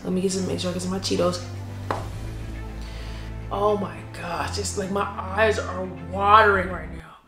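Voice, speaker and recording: A woman's voice: lowish voice, steady tone, moderate pace, pauses often. A young woman chatting casually on a vlog, playful and teasing as she hypes up her friend. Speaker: vlogger. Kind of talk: casual chat. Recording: echoey room with music behind.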